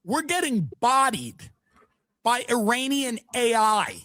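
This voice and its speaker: Male panelist, slow, lively pitch, mock-dismayed. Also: no room sound, studio quality. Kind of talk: casual chat reacting to clips.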